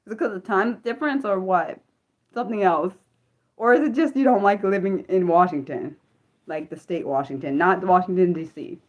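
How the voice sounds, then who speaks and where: A young woman hosting an unscripted livestream, chatting excitedly with viewers and answering chat, with lots of fillers and restarts. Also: mid-range voice, moderate pace, muffled recording. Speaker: livestream host.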